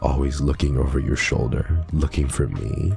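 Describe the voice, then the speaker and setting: Guy playing a smug grim reaper from a dating game, super low and dark, all lofty and mocking. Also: moderate pace, vocal fry, soft background music, full character voice. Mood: haughty. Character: haughty male Grim Reaper taunting a mortal.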